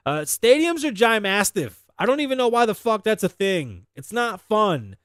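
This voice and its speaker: A man's voice: a little high, no room sound, clean studio sound. A man hosting a talk show, delivering a loose, joking monologue full of profanity and asides. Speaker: host. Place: studio.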